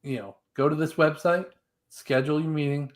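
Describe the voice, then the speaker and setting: A man's voice: a little high, fairly even intonation, moderate pace. A man co-hosting a live stream, casually reading viewer comments and chatting about upcoming videos. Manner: easygoing, reads comments aloud.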